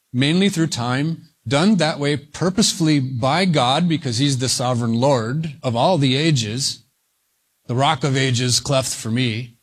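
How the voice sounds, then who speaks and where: A man preaching a sermon, speaking slowly and deliberately and leaning hard on single words for emphasis. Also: a little high. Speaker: pastor.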